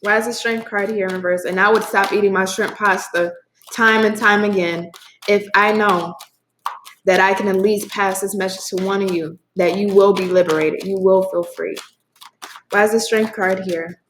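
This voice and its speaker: A woman's voice: medium pitch, steady tone, moderate pace, fairly bright tone, a little hiss or hum. A woman giving a casual tarot reading to camera, effusive and swearing freely as she talks straight to her viewers. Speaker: tarot reader. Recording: echoey room.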